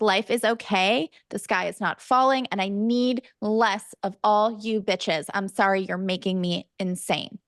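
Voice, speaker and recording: Female podcast co-host, chatty and oversharing, mid-pitch voice, dry close-mic sound. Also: dry recording. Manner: chatty, oversharing, animated storyteller. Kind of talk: casual chat.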